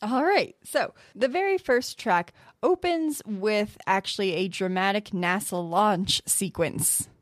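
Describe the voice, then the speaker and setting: A woman's voice: mid-range voice, lively intonation, slow pace, hardly any pauses, no room sound. Female podcast co-host, chatty and playful, dry close-mic sound. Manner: chatty, laughs often, mimics voices. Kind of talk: casual podcast review chat.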